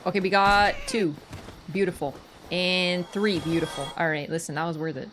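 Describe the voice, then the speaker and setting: A woman's voice: on the low side, moderate pace, background noise. A young woman livestreaming a game, chatting casually with a sarcastic, playful and teasing manner. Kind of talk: casual gaming livestream chat.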